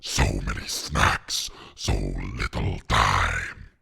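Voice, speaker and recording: A monstrous demonic growl, pushed down to an extreme low by a voice-changer effect. It is gravelly and rough, with a husky, breathy edge, muttering menace in a theatrical way. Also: male voice, very slow, sharp tone, exaggerated voice. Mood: menacing. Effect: deep voice-changer effect. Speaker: streamer. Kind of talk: streamer doing a comedic put-on voice.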